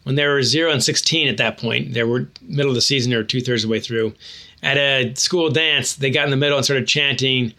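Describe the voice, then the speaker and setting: A man, an author and former hockey coach, answering interview questions with animated, self-deprecating anecdotes. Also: medium pitch, brisk.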